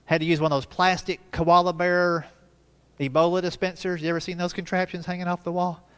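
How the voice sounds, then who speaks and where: A man's voice: high voice, flat delivery, fairly quick, fairly bright tone, clean tone. A man in his fifties performing a stand-up comedy set, telling folksy family stories with punchy asides at a live show in a church hall. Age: 50s.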